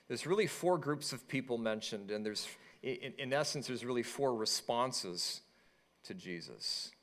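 Man, pastor, sermon, scripture teaching, animated storytelling. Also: medium pitch, measured pace. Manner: animated storytelling, acting out quoted voices.

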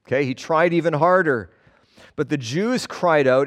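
A man's voice: on the high side, moderate pace. A male pastor preaching a sermon, reading scripture aloud and explaining it in an earnest, emphatic way. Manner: earnest, emphatic preaching, stressing words one by one. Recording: long reverb of a large hall.

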